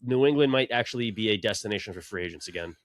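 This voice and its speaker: A man's voice: lowish voice, lively intonation, rapid-fire, no echo. A man co-hosting a casual sports podcast, talking with profanity and a sarcastic edge, often mocking people in put-on quotes. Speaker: podcast co-host.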